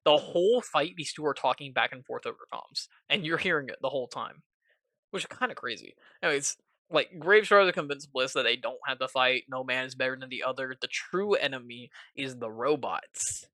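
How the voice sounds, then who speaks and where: A man talks through a casual video-essay recap with a bright, forceful voice, rambling and cracking jokes. He fills his sentences with filler words. The sound is dry and close. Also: mid-range voice, fairly quick, no room sound. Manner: rambling, jokey, heavy use of filler words. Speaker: student.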